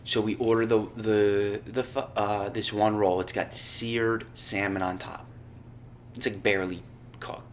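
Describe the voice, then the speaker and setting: A man's voice: fairly low pitch, level tone, measured pace, a little hiss or hum. A young adult man co-hosting a casual podcast, swearing a lot and working himself up into rants. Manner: profane, ranting, gets worked up. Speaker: podcast co-host.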